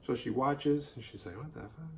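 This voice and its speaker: Animated, profane male horror reviewer. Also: normal speed. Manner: animated, profane, acts out characters' lines in high voices. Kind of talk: casual film recap.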